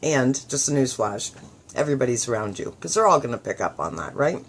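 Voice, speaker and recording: A woman's voice: rumbling low, big pitch swings, a little fast, husky. A middle-aged woman hosting a motivational radio show, chatty and upbeat, acting out the thoughts she quotes. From southwestern Ontario, Canada.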